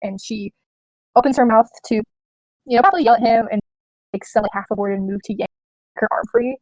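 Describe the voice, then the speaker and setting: A woman narrating as game master of a tabletop game, relaxed and rambling with many fillers. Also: a little high, brisk, no echo.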